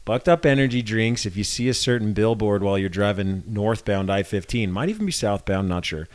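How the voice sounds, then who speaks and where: A man's voice: lowish voice, expressive, fairly quick, smooth. Guy co-hosting a podcast, goofing around and laughing a lot, voice swings way up and down. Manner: playful and jokey, often laughing mid-sentence. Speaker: podcast co-host. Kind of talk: casual podcast banter.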